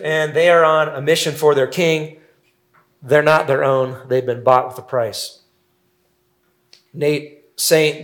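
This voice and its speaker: A man preaching an expository sermon, measured and teaching, with occasional fillers. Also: medium pitch. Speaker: pastor.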